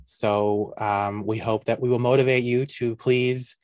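Canadian man, podcast co-host, easygoing, mid pitch, dry close sound. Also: fairly even intonation, a little slow, darkish tone, no room sound. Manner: laid-back, laughs often. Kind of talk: casual podcast chat.

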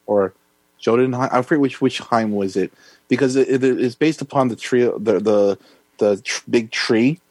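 A man's voice: lowish voice, a little mellow, no room sound. A man on a casual movie podcast, trading dry quips and rambling through explanations. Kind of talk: casual movie review chat.

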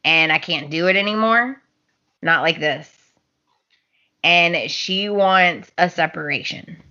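A woman's voice: on the low side, slow pace, bright, forceful tone, muffled recording. A woman co-hosting a podcast, recapping a soap opera in casual chat, acting out the characters' lines and laughing often. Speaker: podcast co-host.

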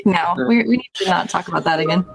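A woman's voice: on the low side, fast, vocal fry, faint music behind. A woman co-hosting a webcast, teasing the guests and laughing often. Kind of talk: casual webcast banter.

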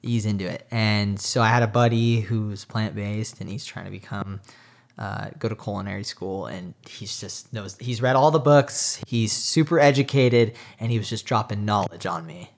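A man's voice: fairly low pitch, moderate pace, vocal fry. Earnest young man, casual chat. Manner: earnest, talks with many "like" fillers. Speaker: triathlete guest.

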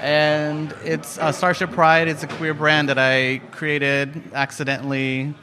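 Guy guest talking about his shop, kinda halting, bright voice, echoey bar. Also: on the high side, completely flat delivery. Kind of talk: interview answers. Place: bar, recorded live.

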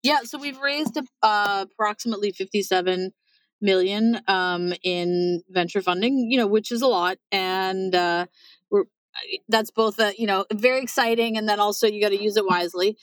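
A woman's voice: medium pitch, dry recording, low-quality recording. Chatty woman founder, dry close sound. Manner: fast, animated, many fillers and quoted asides. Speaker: startup founder and CEO. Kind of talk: conversational interview.

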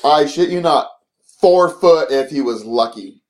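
A young man co-hosting a casual podcast chat, an animated storyteller who swears a lot and laughs often. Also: a little high, measured pace. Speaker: podcast co-host.

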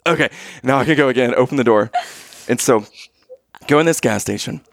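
Animated man telling a funny story. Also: medium pitch, brisk, vocal fry, dry recording, clean studio sound. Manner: animated, acts out his own past lines with loud outbursts. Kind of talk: casual storytelling chat.

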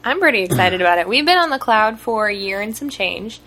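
A woman co-hosts a casual podcast, talking things through in a chatty, explanatory way. Her voice is bright and forward, sitting at an ordinary pitch. She often stops on an "um" before moving on. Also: expressive. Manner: chatty, explaining, frequent "um" pauses. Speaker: podcast co-host. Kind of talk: casual chat.

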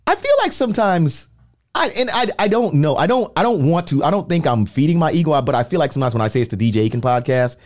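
A man with a drawl hosts a casual podcast. His pitch sits a little high and swings widely as he teases his co-host. He stretches out his words for emphasis. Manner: animated, teasing, drawn-out emphasis.

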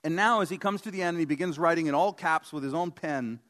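A man's voice: a little high, quick pace, a bit bright. A man preaching a sermon as pastor, in a conversational, joking way with emphatic stresses.

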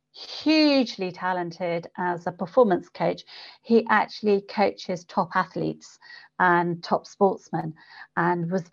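A woman who coaches public speakers, talking in an interview and changing her pitch and volume to demonstrate delivery. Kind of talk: conversational interview. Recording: dull lo-fi podcast audio.

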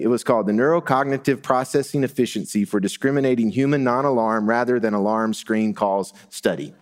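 Man preaching in a reverberant hall. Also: mid-range voice. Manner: conversational preaching, rising for emphasis. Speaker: pastor. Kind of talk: sermon.

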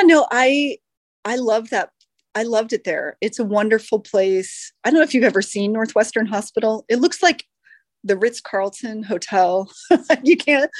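A woman's voice: mid-range voice, dry recording, studio quality. A woman in her forties, an orthopedic surgeon, telling stories as a podcast guest with frequent laughter. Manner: lively storyteller, laughs often. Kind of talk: podcast interview.

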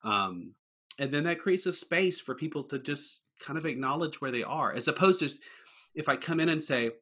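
Male pastor, podcast co-host, earnest and rambling, bright tone. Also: fairly high pitch, lively intonation, normal speed. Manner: earnest, rambling with many restarts. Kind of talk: casual podcast conversation.

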